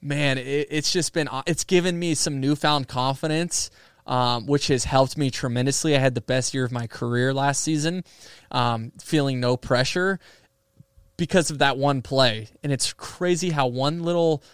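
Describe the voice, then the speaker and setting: A man's voice: mid-range voice, moderate pace, smooth, no room sound, clean studio sound. A man who plays professional baseball, chatting casually in an interview with lots of fillers and restarts. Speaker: professional baseball player as guest.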